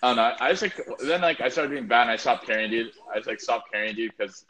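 A young man talks in a relaxed, easygoing way, leaning on dude and like between thoughts. Faint clicking sits in the background. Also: mid-range voice, fast, a little hiss or hum, low-quality recording. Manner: laid-back, says dude and like a lot. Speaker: gaming friend. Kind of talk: casual chat.

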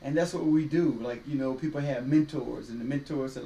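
With a warm, mid-range voice and fairly even intonation, a man co-hosting a casual faith-based podcast talks fairly quickly and hardly pauses. He's folksy and preachy, quoting voices as he goes, recorded on a distant mic with roomy echo and faint ambience.

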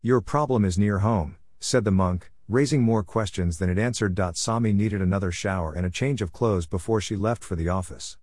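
A man reading a scripted story aloud in a measured, even way. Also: deep voice, dry recording, clean studio sound.

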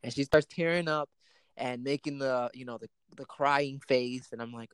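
A man's voice: medium pitch, steady tone, moderate pace, smooth, dry recording. A man hosting a casual chat, telling a personal story with plenty of quoted dialogue.

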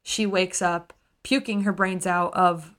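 Woman, podcast co-host, bright tone, casual chat, acts out scenes. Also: fairly low pitch, measured pace. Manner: animated retelling, acts out characters, gets emotional. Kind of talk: casual book discussion.

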